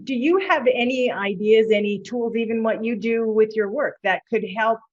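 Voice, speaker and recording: A woman's voice: a little high, normal speed, muffled recording, slight background noise. A woman hosting an interview, asking long, curious questions in a conversational tone. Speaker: podcast host.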